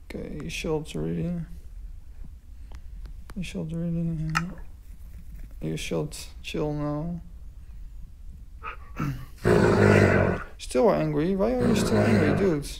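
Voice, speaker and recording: Slow talking guy with a gravelly voice chatting at his game dogs, lots of noise behind. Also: on the high side, very animated. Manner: talks to the dogs in game, puzzled and self-mocking. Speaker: gaming commentator. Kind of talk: casual gameplay commentary. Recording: loud background noise.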